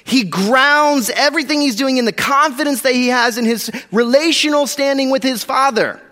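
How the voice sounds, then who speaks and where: A man delivers a sermon in a high voice, talking to his listeners in a casual, emphatic way with slangy asides. The sound carries the long reverb of a large hall. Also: normal speed, bright, forceful tone. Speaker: pastor.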